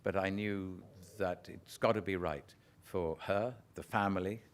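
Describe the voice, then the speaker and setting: A man's voice: sits low, measured pace. An older man, an actor telling self-deprecating anecdotes as an interview guest. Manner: animated storyteller, self-deprecating.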